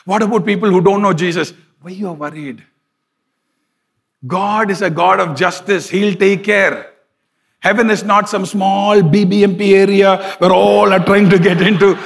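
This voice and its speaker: A man's voice: sits high, steady tone, moderate pace, gravelly. A middle-aged man, a pastor preaching conversationally and telling a story, chuckling often. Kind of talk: sermon with storytelling.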